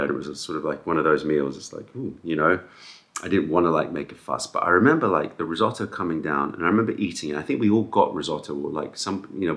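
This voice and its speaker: A man vlogging in a casual storytelling style, rambling through anecdotes with fillers and restarts, acting out the people in them. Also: very deep voice. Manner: acts out quoted people with raised animated voice.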